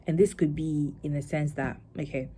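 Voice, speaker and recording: A young woman poet talks a live audience through her poem. Her voice sits a little low and sounds mellow and warm. She speaks in a reflective, conversational way and now and then acts out other people's words in a brighter tone. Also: steady tone, normal speed, slightly rough. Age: young adult. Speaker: spoken word poet.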